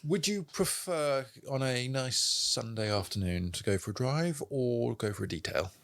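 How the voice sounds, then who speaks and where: A man's voice: mid-range voice, lively intonation, normal speed, fairly bright tone. A man hosting a podcast, asking questions in a chatty, rambling way with plenty of ums. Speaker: podcast host. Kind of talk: casual podcast interview.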